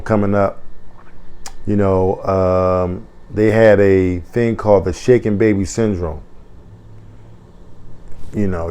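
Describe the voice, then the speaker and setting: Man, low voice, mellow tone, casual vlog commentary, blunt and heated, rhetorical questions. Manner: conversational, keeps asking "you know what I'm saying". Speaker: commentator on a news story.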